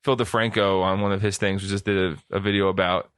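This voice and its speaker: A man's voice: low voice, level tone, fast talker, fairly bright tone, smooth, dry recording, studio quality. Blunt joking podcast guy. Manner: blunt, joking, swears a lot. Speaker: podcast co-host. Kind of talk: casual podcast chat.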